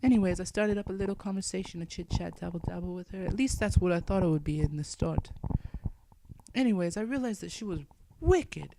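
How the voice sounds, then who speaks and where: A young woman telling an improvised crude comic story from her bedroom. She swings between soft mutters and loud squeals. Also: on the low side, a little fast, creaky, noisy background. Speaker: comedian.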